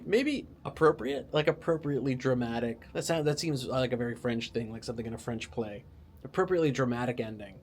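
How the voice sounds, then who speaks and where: A travel vlogger with a fairly high voice chats to the camera in a hotel room, rambling along with plenty of self-mockery. Filler words, especially "like," crop up constantly, and a slight hiss or hum can be heard.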